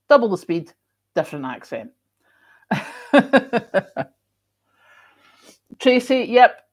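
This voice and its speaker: A middle-aged woman from Scotland with a moderated accent hosts a livestream in a husky, mid-range voice, very animated yet slow and full of pauses. She reads out viewer comments while chatting casually, with frequent coughs and ums.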